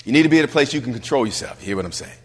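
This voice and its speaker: A male pastor preaching an emphatic sermon, swinging from loud emphasis to hushed asides. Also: medium pitch, lively intonation, very fast, slightly rough, long reverb tail.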